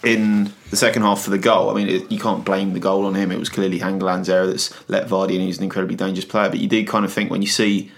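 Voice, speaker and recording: A man co-hosting a football podcast, giving dry, measured analysis. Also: sits low, flat delivery, gravelly. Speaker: podcast co-host. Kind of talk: casual football chat.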